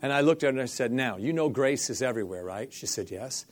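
A man's voice: medium pitch, quick pace. A middle-aged man, a minister, telling a story in an interview and acting out the dialogue. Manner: animated storyteller, acts out quoted dialogue, repeats "I said".

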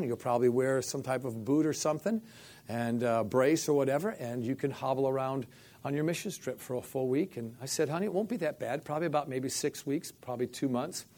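A middle-aged man, a minister, telling a story in an interview and acting out the dialogue. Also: medium pitch. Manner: animated storyteller, acts out quoted dialogue, repeats "I said".

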